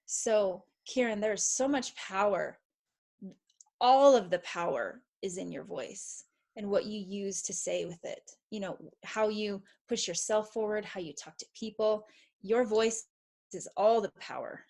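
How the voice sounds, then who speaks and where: A woman's voice: medium pitch, unhurried, vocal fry, a little mellow. A middle-aged woman confidence coach answering questions on a video call in an enthusiastic, encouraging, emphatic way.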